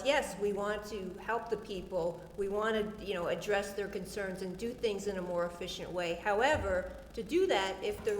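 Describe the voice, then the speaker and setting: A woman's voice: medium pitch, slight background noise. A woman on the town council who responds to a resident thoughtfully, hedging and restarting. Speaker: council member chairing. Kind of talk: public meeting discussion. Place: town meeting room. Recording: echoey hall with long reverb.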